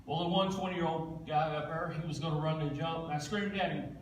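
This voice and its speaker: A man's voice: a little high, fairly even intonation, a little fast, a little hiss or hum. Man telling his story in a big echoey church. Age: 40s. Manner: plain-spoken storytelling, folksy Southern phrasing. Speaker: guest speaker. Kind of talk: testimony in a church service. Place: church sanctuary. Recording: echoey church room, distant mic.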